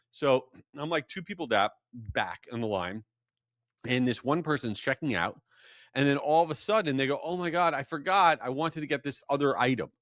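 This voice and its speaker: A man's voice: mid-range voice, no echo. A man hosts a podcast in a loose, rambling monologue. His voice swings up and down with lots of life, and he pokes fun at himself as he goes. The sound is close and dry, with no room around it. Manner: animated, rambling and self-deprecating. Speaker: podcast host. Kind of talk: casual storytelling monologue.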